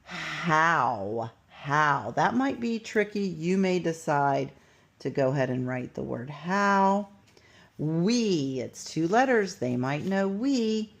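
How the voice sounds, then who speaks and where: Woman teacher, low gravelly voice, unhurried, patient instructional delivery. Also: animated. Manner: patient, step-by-step, sounds out words slowly. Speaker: teacher demonstrating a writing lesson. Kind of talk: instructional walkthrough.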